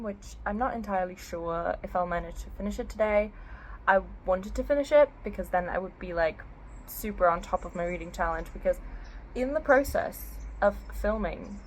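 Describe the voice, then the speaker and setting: A woman's voice: medium pitch, a little hiss or hum, poor audio. A young adult woman vlogging casually to camera about her reading, chatty and rambling, with lots of "like" and some blunt swearing. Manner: chatty, rambling, heavy use of "like". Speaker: book vlogger. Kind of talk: casual vlog chat to camera.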